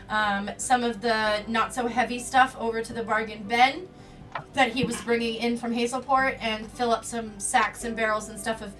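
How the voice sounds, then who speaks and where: A woman narrating as game master of a tabletop role-playing game in a relaxed, chatty way. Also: on the high side, distant mic.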